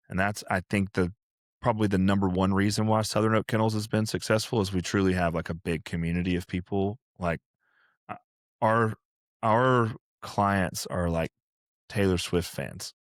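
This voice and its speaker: A man's voice: sits low, dry recording, studio quality. A man who trains retrievers and runs a kennel, talking in a casual podcast chat that rambles with fillers and restarts.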